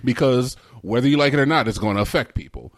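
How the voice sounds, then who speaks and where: A man's voice: medium pitch, expressive, fast talker, no room sound, studio quality. A man co-hosting a podcast, laying out his view step by step in a casual chat. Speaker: podcast co-host.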